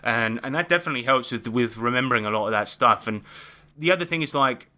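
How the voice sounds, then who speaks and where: On a gaming podcast, a co-host and game master with a bright, forceful, medium-pitched voice talks fast in casual chat. He tells stories animatedly, laughing often and swearing freely.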